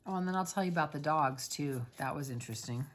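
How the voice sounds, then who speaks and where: A woman's voice: low-pitched, quick pace. A woman hosting a crafting channel, chatting casually and in a rambling way while she works on a diamond painting. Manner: rambling and chatty, many fillers.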